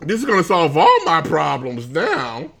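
A man's voice: fairly high pitch, wildly swooping pitch, a little slow, vocal fry, fairly bright tone. A man co-hosting a casual podcast, telling an exasperated, ranting story full of restarts. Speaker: podcast co-host.

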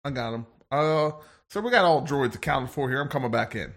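A man's voice: mid-range voice, animated, a little fast, fairly bright tone. A man playing a weapons officer in an improvised sci-fi role-play, narrating his fights with bravado and laughs.

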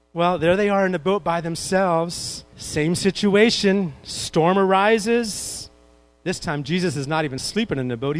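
Pastor, man, higher pitched voice, lively sermon delivery that keeps questioning the room. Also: poor audio. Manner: animated, asks the congregation questions.

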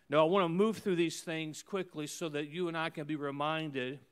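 Male pastor, high and resonant, preaching with emphatic repeated phrases and sudden drops to a hush. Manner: emphatic preaching with swings between loud and hushed; repeats phrases in rhythmic runs. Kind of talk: sermon.

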